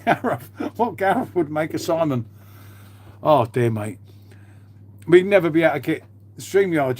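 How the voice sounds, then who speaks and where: A man's voice: on the high side, darkish tone. A man, host of his own livestream, chatting casually and swearing freely. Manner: blokey, swears freely, says "mate" a lot.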